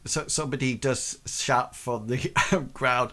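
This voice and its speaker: A male game master narrates a tabletop game with a slow, halting delivery. He stumbles over words and pads his sentences with ums, then jumps up high to shout out lines for the crowd. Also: lively intonation. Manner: halting, full of ums and restarts.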